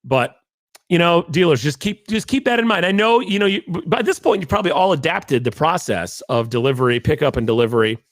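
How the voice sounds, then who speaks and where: A man hosting his podcast alone, swinging his pitch up and down as he rambles through jokey asides. The sound is close and dry, with no room around him. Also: animated, a little fast, no echo. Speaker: podcast host. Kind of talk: casual monologue.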